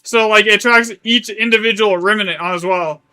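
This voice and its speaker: A man's voice: high voice, steady tone, moderate pace, sharp tone, smooth, soft background music. A man streaming a game live, chatting casually in a rambling way, correcting himself as he goes and swearing now and then. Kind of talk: live gaming stream chat.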